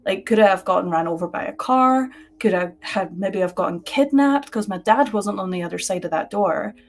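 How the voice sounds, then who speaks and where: A woman's voice: medium pitch, moderate pace. A woman co-hosting a live stream, telling a personal story casually and animatedly with lots of "like" fillers, heard through a webcam mic. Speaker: podcast co-host.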